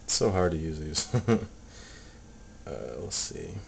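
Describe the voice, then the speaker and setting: A man casually talking through his recordings, soft-spoken and hesitant, full of ums and restarts. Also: very deep voice, very animated, slow pace, gravelly, heavy background noise. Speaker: paranormal hobbyist playing back recordings. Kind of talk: casual video commentary.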